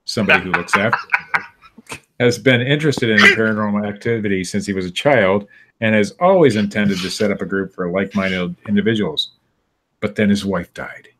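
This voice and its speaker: A man's voice: fairly low pitch, brisk, background noise. A man co-hosting a podcast in casual chat, reading strange news stories aloud in a wry way and laughing now and then. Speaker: podcast co-host.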